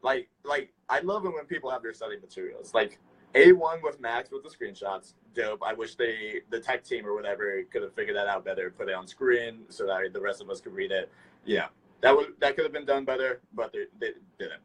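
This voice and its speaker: Husky young man ranting on a livestream. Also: lowish voice, fairly quick, poor audio. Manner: excitable, swears constantly. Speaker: livestream host. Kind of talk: casual livestream chat. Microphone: phone.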